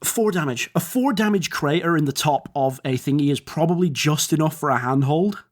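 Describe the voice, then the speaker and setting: A man's voice: on the high side, animated, brisk. A man narrating as game master, rambling and descriptive with fillers.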